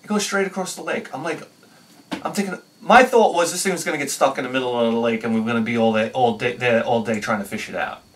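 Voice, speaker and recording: A man telling a personal story on his video channel, excitable, swinging between loud bursts and quiet asides. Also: medium pitch, fast, distant mic, a little hiss or hum. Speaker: video host.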